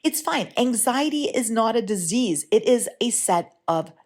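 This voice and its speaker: A woman's voice: fairly high pitch, lively intonation, unhurried, darkish tone. A woman who works as a writing coach, hosting a podcast in a casual, frank way, often checking in with "right?". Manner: chatty, keeps checking in with "right?"; frank, lightly profane. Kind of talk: casual solo podcast talk.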